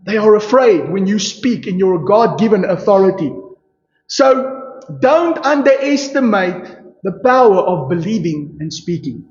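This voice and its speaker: A man's voice: high voice, expressive, a little slow, darkish tone. A man preaching a sermon as pastor, emphatic, with rhetorical questions and a repeated "you see". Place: church hall. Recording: echoey church hall, dull lo-fi sound. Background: congregation calling out responses.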